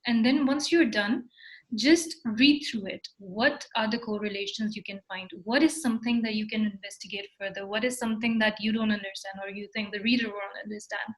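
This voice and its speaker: Woman, online workshop instructor, fairly high voice, step-by-step explaining, video call. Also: low-quality recording.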